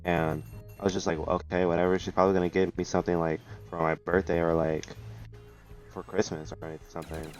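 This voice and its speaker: Young man, very low voice, storytime vlogger; loose and rambling, slang-heavy, faint music underneath. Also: level tone, a little fast, a little mellow. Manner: rambling, full of restarts and slang. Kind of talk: casual storytelling.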